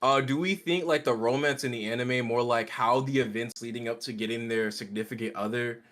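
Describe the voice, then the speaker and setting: A man's voice: medium pitch, fairly even intonation, brisk, a bit bright. A young man co-hosting a casual podcast chat, talking hesitantly and leaning on filler words. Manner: hesitant, leans on "like" and restarts. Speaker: podcast co-host.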